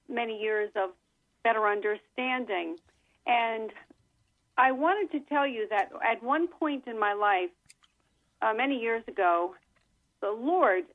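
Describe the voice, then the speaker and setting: A woman from New Jersey calling in to a radio show, sharing her testimony in a slow, halting way. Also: fairly high pitch. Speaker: caller. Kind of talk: call-in testimony. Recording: tinny phone line.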